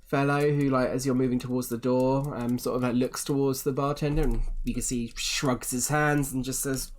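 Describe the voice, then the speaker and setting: A man's voice: mid-range voice, level tone, normal speed. Man running a tabletop game. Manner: rambling, many fillers. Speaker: game master.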